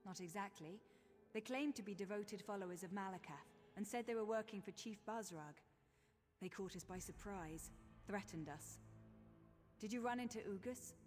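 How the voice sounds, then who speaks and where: An earnest, shaken temple priestess, voiced by a woman in a video game, talking things through in a measured, concerned way. Her voice rings with a long reverb, and soft game music plays underneath. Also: medium pitch, natural voice.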